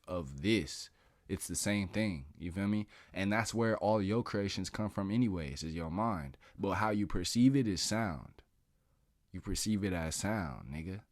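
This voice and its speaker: A man with a deep, low voice holds forth in a loose, drawn-out monologue. He is slangy and profane and laughs along the way. The sound is dry and close, with no room around it. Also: no room sound. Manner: drawn-out, musing delivery. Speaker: podcast host. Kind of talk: casual philosophical monologue.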